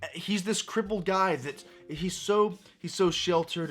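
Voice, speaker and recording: Hoarse, exasperated man ranting. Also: high voice, a little slow, a bit bright, faint music behind. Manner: exasperated, profane, emphatic. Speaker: movie reviewer. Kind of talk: ranting film review.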